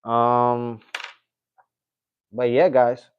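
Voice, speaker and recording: A man's voice: mid-range voice, little pitch movement, drawn-out words, highs cut off, slight background noise. A man hosting a casual MMA livestream, chatting to viewers, reading comments aloud and often breaking into laughter. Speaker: MMA channel host.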